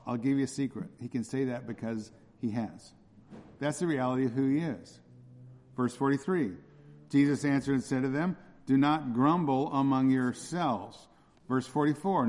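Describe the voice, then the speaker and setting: A man's voice: medium pitch, darkish tone. A man preaching an expository sermon as pastor, emphatic and repetitive, often checking with his listeners through rhetorical questions. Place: church hall. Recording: long hall reverb.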